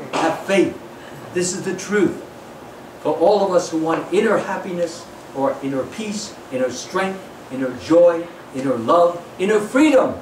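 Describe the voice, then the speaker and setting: A man giving a devotional lecture as a spiritual teacher, earnest and pleading, repeating his points for emphasis. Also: high voice. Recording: distant mic in echoey noisy room.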